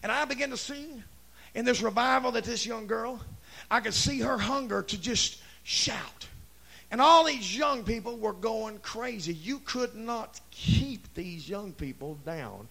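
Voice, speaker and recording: A man preaching a Pentecostal revival sermon, shouting in rising bursts. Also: very high voice, expressive, unhurried, gravelly. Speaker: pastor.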